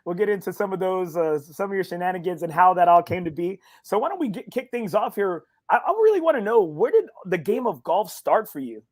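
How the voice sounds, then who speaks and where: A man's voice: sits high, very animated, a little fast, few pauses. A man hosting a golf podcast, chatting casually and in a chummy way with his guest, often repeating his phrases. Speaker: podcast host. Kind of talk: casual interview chat.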